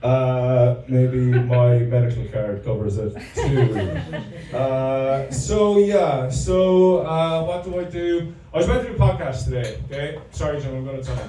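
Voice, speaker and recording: A man doing a rambling, profane stand-up comedy set, stalling often with halting fillers. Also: mid-range voice, mellow. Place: comedy club room. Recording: echoey room, distant mic, faint ambience.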